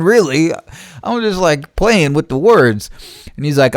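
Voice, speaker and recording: A man hosting a podcast, telling a long, profane, animated story and acting out both sides of a support call. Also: on the high side, a little slow, pauses often, dry recording, studio quality. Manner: animated, swears constantly, acts out both sides of conversations. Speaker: podcast host.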